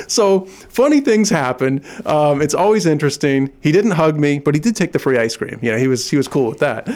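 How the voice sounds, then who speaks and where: A man's voice: fairly high pitch, sing-song, a little fast, hardly any pauses, a little mellow. Earnest, enthusiastic middle-aged man. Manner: earnest and enthusiastic, with frequent restarts. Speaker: kindness advocate, guest. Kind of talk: casual interview talk, storytelling.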